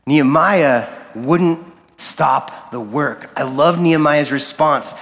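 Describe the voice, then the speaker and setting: A male youth pastor gives a sermon in a high, light voice, talking loose and slangy, then pushing hard on the big points. His voice rings out through a large hall with a long reverb tail. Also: slow pace, fairly bright tone. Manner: casual and slangy, building to emphatic peaks.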